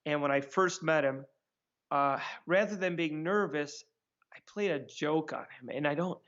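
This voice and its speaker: A man's voice: on the high side, moderate pace. Chatty man with lo-fi sound. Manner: sarcastic, animated anecdotes with fillers. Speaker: magician guest. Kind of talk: casual interview storytelling.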